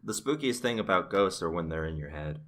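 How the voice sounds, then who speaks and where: Low-voiced bright podcast host, a man. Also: expressive, a little fast. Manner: dry, wraps things up. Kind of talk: casual chat.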